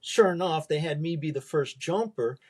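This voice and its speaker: A man's voice: a little high, moderate pace, a little mellow, slightly rough. A young man as a podcast guest, chatting casually and rambling with many fillers. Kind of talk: casual chat.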